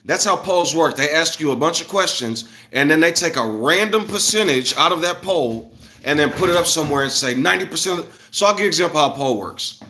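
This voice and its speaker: Bright-voiced man ranting on a stream. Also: on the high side, a little fast. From Illinois, USA. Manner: loose, animated, swinging between loud bursts and muttered asides. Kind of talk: casual livestream rant.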